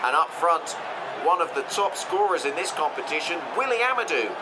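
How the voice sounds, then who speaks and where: A pompous, rambling football reporter, as an actor voices him in a high, reedy voice, delivering a report full of puns. Clear crowd and stadium noise sit behind him on the line. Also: male voice, animated, a little fast, lightly acted. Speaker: pitch-side reporter.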